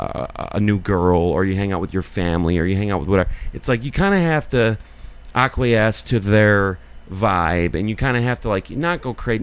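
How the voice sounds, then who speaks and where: Podcast co-host, male, lowish smooth voice, loose rambling chat with lots of "like"s. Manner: rambling and earnest, many filler likes. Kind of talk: casual chat.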